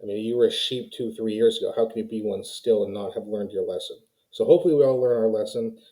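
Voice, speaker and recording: Fast-talking and fairly low in pitch, this man has a mellow sound captured on a low-quality recording. He runs his own YouTube channel and rants hotly at the camera, addressing his audience as "guys" while delivering casual, opinion-heavy commentary.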